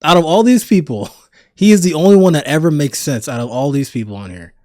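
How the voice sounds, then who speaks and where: A man's voice: a little high, animated, a little fast, warm tone, no echo, studio quality. A man reacting to a news panel clip with mocking, sarcastic asides. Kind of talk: casual reaction commentary.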